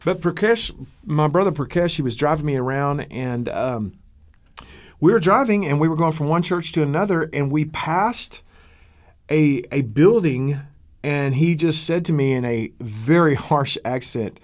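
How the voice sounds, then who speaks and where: A middle-aged American man, a pastor, telling a story in an interview in an earnest, halting way, with fillers and repeated words. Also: fairly high pitch, lively intonation. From United States.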